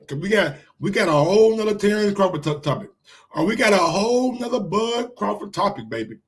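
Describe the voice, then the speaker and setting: High-voiced man ranting on a live stream. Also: a little fast. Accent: New York. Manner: animated, ranting, asks the chat rhetorical questions. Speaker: sports show host. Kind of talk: casual live-stream commentary.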